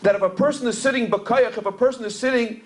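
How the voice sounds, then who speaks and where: At a community center event hall, a middle-aged rabbi lectures on Torah through storytelling, speaking quickly in a very high-pitched voice. He drops Hebrew and Yiddish terms into his English and repeats words as he gropes for a phrase.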